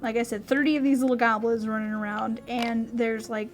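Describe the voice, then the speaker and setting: A woman narrating as dungeon master, animated and giggly, often breaking into shrieking little voices. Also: on the high side, fairly quick, faint music behind. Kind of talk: narrating a tabletop game.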